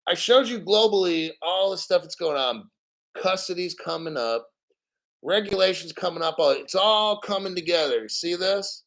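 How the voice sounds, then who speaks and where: Man, a little higher-pitched than most, hosting a crypto livestream. Blunt, cursing, ranting, mocks people in put-on voices. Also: animated, normal speed, vocal fry, a bit bright. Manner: mocking put-on quotes. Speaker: crypto channel host. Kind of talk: casual livestream rant.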